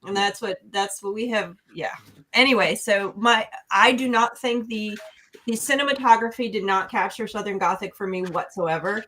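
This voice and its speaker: A woman from New York talking casually on a podcast about movies. She is analytical and opinionated, restarting her sentences as she thinks, and her voice sits at a middle pitch. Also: normal speed, sharp tone. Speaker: podcast co-host, film reviewer. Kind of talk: casual chat.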